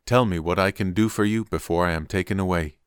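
A man's voice: low voice, quick pace, clean tone, no room sound, studio quality, close to an everyday voice. A man voicing Elijah, a solemn old prophet.

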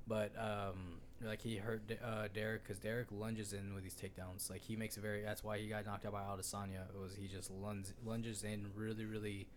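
A man's voice: on the low side, a little hiss or hum. A man co-hosting a casual sports podcast, rambling and swearing freely with lots of fillers. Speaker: podcast co-host.

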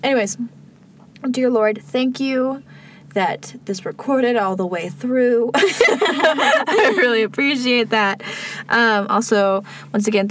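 A woman's voice: mid-range voice, a little hiss or hum. A young woman co-hosting a casual faith podcast, rambling with fillers and restarts. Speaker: podcast co-host.

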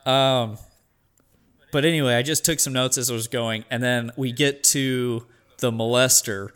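A man's voice: medium pitch, steady tone, unhurried, a bit bright, clean tone. A man co-hosting a podcast, chatting casually and laughing often. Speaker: podcast co-host. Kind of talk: casual chat.

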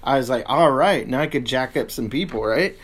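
Wry, mid-pitched man telling a story. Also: lively intonation, fairly quick, breathy edge. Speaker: podcast co-host. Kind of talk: casual storytelling chat.

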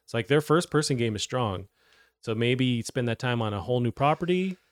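A man's voice: medium pitch, expressive, fairly quick, no echo. A man hosting a gaming news show, talking in a loose, rambling way with many fillers. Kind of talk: casual gaming news chat.

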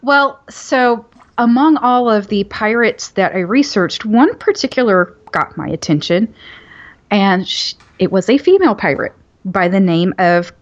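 A woman's voice: medium pitch, muffled recording. A woman author being interviewed, explaining her research eagerly and in detail, with frequent ums. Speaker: author guest. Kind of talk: podcast interview.

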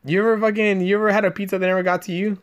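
A man's voice: high-pitched, level tone, rapid-fire. A young man hosting a podcast, telling rambling stories full of swearing in casual chat. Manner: profane, rambling storyteller. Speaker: podcast host. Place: Los Angeles area podcast room.

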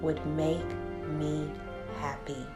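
A woman podcast host guiding a slow, soothing meditation with affirmations, then giving the show's closing. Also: deep voice, flat delivery, over loud music. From Texas. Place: studio with a live audience.

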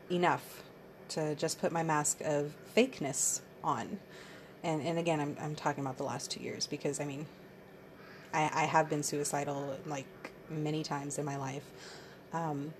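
Woman in her thirties, low voice, blunt and rambling, swears a lot, solo podcast talk. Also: slight background noise. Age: 30s. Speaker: podcast host. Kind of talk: casual monologue.

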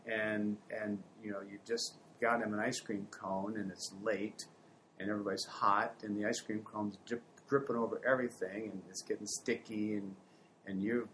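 A man giving parenting advice in a conversation, telling stories with lively acted-out family voices. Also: fairly low pitch, normal speed, slight background noise, low-quality recording. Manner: animated storytelling, acts out family voices.

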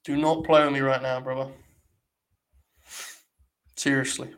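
A man's voice: mid-range voice, flat delivery, a little slow, a bit bright, clear, resonant tone. A young man hosting a live watch-along stream, talking in a mock-grandiose, rambling way full of swearing.

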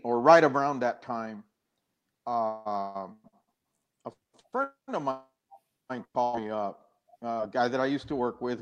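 Older man, interview guest, personal story, hesitant restarts, quotes people aloud. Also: mid-range voice. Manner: earnest and halting, acting out quoted dialogue.

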